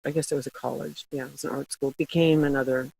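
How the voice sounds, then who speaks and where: A middle-aged woman telling stories in a casual interview, chatty and quick to laugh. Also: a bass voice, level tone, vocal fry, darkish tone, a little hiss or hum, low-quality recording. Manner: chatty storytelling, laughs often. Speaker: guest, glassware company founder.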